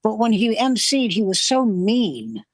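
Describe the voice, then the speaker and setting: Older comedian spinning animated anecdotes. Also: male voice, high voice, a little slow, no echo. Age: 70s or older. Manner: animated storyteller who acts out quoted voices. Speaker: veteran comedian guest. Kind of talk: casual anecdote telling.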